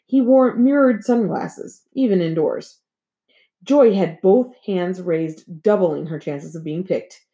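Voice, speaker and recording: A woman narrating a children's chapter book aloud in an expressive, storytelling manner. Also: lowish voice, slow. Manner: lively and expressive. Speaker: audiobook reader.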